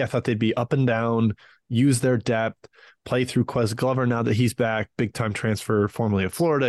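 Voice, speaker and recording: In relaxed sports betting talk, this podcast co-host and analyst reasons aloud, considering each side before settling on a pick. He has a darkish, mid-range voice, and there's no room sound.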